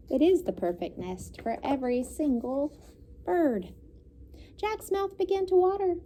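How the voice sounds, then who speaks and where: Teacher lady reading a kids' story, slow, soft warm voice, lots of ups and downs. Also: mid-range voice, slight background noise. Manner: expressive, pausing to comment and explain. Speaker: elementary school teacher. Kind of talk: children's read-aloud.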